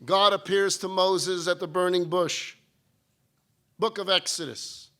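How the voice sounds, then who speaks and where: Rabbi preaching w funny stories, high bright clear voice. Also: male voice, steady tone, unhurried. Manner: humorous storytelling. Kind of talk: sermon-style talk.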